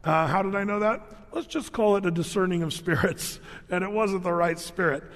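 High-voiced preacher in an echoing hall. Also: male voice, normal speed. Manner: storytelling, animated, acts out voices; frequent restarts and laughs. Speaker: pastor. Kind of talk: sermon. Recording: long hall reverb.

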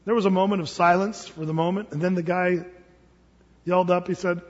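Pastor, man, high husky voice, storyteller who acts out the voices, long hall echo on a dull recording. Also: a little fast. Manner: animated storytelling, acts out voices, stammers and repeats words. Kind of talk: sermon.

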